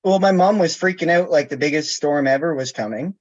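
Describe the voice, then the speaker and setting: A man's voice: fairly high pitch, fairly quick. A man calling in to a live chat, telling a story in a chatty, giggly way over a video call. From Canada. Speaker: caller. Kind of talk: casual chat. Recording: dull lo-fi call audio.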